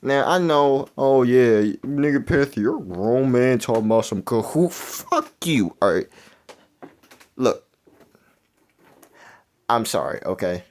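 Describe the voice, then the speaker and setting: A young man gives loose, rambling commentary over a video game quiz. He trails off into low mumbles and then bursts out excited and louder, often correcting himself mid-sentence. His voice sits at an ordinary pitch for a man. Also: slow, long pauses. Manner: rambling, self-correcting, swings between mumbling and excited outbursts. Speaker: gaming YouTuber. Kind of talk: casual commentary while playing a quiz game.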